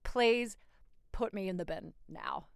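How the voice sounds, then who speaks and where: A woman hosting a pop culture gossip show in a bubbly, cheeky way, with sudden loud outbursts. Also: mid-range voice, wildly swooping pitch, slow, gravelly, smooth, no echo, clean studio sound. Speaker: host.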